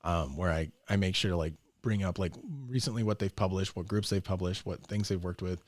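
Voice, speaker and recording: A young man, a podcast guest, telling a story in a loose, profane, animated way and acting out the voices. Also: low voice, brisk, dry recording. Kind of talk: casual storytelling.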